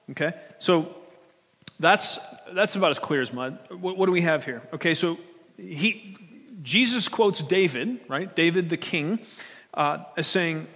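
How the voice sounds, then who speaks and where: A pastor preaches from the pulpit of a church sanctuary in a slightly high, somewhat bright voice. He speaks loosely and conversationally, checking in with the congregation often, while the hall carries a long, lingering reverb.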